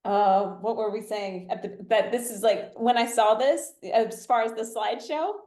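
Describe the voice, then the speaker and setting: A woman's voice: fairly high pitch, fairly even intonation, normal speed, a little mellow. A woman host chatting casually and enthusiastically with her guest. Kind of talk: casual chat. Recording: echoey room sound.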